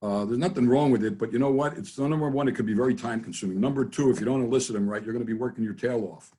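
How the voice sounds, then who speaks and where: A man's voice: mid-range voice, rapid-fire, dark tone, breathy edge. A man speaking as a guest in a webinar interview over a video call, telling stories in a rambling, joking way with many restarts. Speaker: guest, business trainer. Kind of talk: casual storytelling in a webinar interview.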